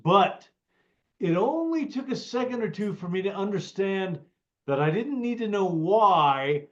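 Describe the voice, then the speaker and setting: Emphatic man on a dull mic. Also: high-pitched. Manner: emphatic, laughing. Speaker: panel guest. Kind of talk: casual anecdote.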